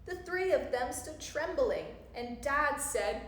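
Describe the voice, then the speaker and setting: Slow, high-voiced woman reading a storybook. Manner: sing-song, expressive. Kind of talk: reading a picture book aloud. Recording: roomy echo, faint background noise.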